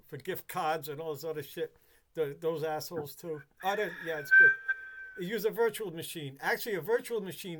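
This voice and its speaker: A man with a notably high voice talks in loose, rambling chat. He swears freely and often restarts his sentences as he goes. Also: background noise. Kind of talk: casual chat.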